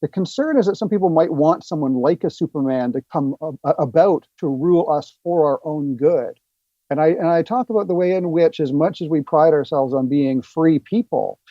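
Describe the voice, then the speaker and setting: A man's voice: a little high, dark tone, dry recording, muffled recording. A man, a guest author, answering interview questions earnestly with hesitant fillers.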